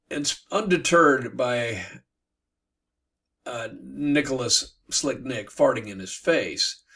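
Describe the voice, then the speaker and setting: A man teaching literature by retelling a bawdy classic tale in a playful, animated way. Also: mid-range voice, breathy edge, distant mic.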